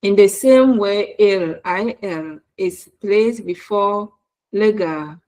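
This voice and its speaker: A woman lecturer with a Ghanaian English accent, giving a recorded university lesson in a slow, deliberate way and repeating her examples word by word. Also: mid-range voice, a little mellow, rough recording.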